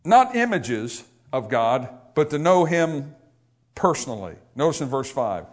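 A man preaching a sermon to a church congregation, swinging between loud, raised exhortation and quiet, low asides, and often asking the people questions. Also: sing-song, a little slow. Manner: talks to the congregation with questions and calls. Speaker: pastor.

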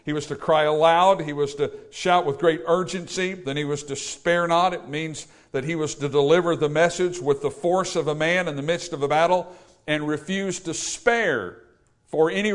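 Male preacher on a midweek evening, fairly high voice, emphatic and repetitive delivery. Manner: earnest, emphatic, repeats key words. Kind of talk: sermon.

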